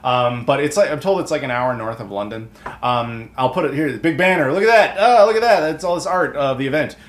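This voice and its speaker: A rambling American man talks his viewers through newly arrived packages in a casual, loose way. His voice sits at a middle pitch and rings a little in the room around him. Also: fairly quick, a bit bright, reverberant. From United States. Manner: chatty and rambling, with many fillers. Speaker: video game collector YouTuber. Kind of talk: casual unboxing talk to camera.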